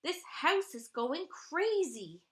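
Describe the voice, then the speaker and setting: A spirited young girl from a storybook, played by a woman reader. She stretches her words out cheerfully, in a bright and slightly high voice. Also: sing-song, slow pace, heavily acted. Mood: lively.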